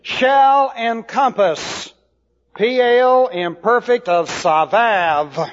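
High-ish guy teaching a sermon, slow and careful, long echo like a big hall. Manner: slow, deliberate, spells out Hebrew words letter by letter. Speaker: Bible teacher. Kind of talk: expository sermon. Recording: dull lo-fi hall recording.

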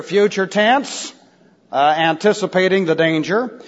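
A man teaching a sermon from the pulpit, explaining Greek verb forms deliberately and spelling words out letter by letter. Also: sits high, expressive. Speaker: pastor. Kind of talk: expository Bible teaching sermon. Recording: dull lo-fi recording in a reverberant church hall.

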